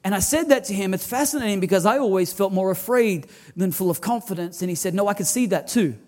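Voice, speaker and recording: A man's voice: high-pitched, quick pace, darkish tone. A man, preaching a sermon as lead pastor, telling stories animatedly with quoted dialogue.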